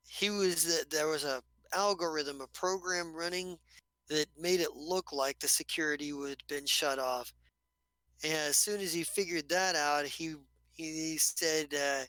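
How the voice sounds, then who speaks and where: A man voicing a wary male outlaw hiding out, who talks in halting, rambling bursts and swears freely. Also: on the high side, pushed and bright, no echo.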